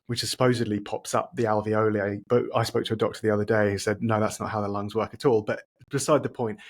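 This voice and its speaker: A man hosts a podcast and asks his guest casual questions. He talks informally and pokes fun at himself. His voice is a little low. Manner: informal, self-deprecating, chatty. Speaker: podcast host.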